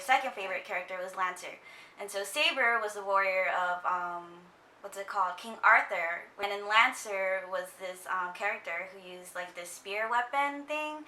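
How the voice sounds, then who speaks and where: Young woman co-host, bright voice, chatty and excitable, echoey room. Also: mid-range voice, slight background noise. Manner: chatty, fillers, excitable retelling. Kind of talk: casual chat.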